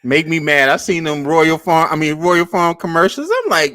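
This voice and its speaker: High-voiced ranting man. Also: normal speed, hardly any pauses. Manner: animated ranting, mocking impressions. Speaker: sports show co-host. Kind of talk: casual sports banter.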